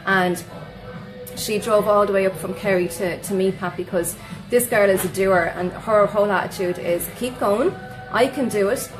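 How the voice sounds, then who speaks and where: A woman's voice: mid-range voice, steady tone, moderate pace, over music, low-quality recording. An Irish woman, a sleep coach, chatting as a guest on a live radio show, bubbly and effusive, laughing often. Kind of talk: chatty live interview with shout-outs to viewers.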